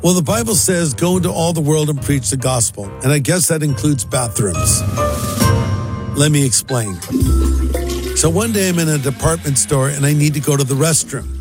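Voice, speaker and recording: A male pastor telling a story and acting out both sides of a conversation, with faint music underneath. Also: fairly high pitch. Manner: animated, acts out both sides of dialogue. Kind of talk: storytelling talk.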